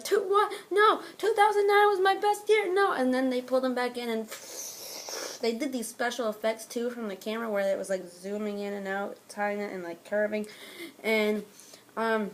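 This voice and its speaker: A woman with a somewhat high voice chats through a recap of a wrestling show. She rambles along, filling gaps with "um" and waving off details with "blah, blah." Her tone is casual and unscripted. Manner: rambling, frequent "um" and "blah, blah" asides. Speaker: wrestling reaction vlogger.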